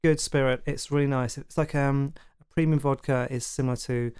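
A man's voice: medium pitch, fairly even intonation, fairly quick, a little mellow, clean tone, no echo, clean studio sound. A man with a London accent hosting a podcast, talking casually and chattily with fillers and asides. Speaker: podcast host. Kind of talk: casual monologue.

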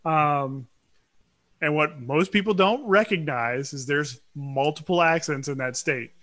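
A middle-aged man from Louisiana chatting casually on a podcast, ranting with quick asides. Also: a little high, bright, forceful tone. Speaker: podcast co-host. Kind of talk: casual chat.

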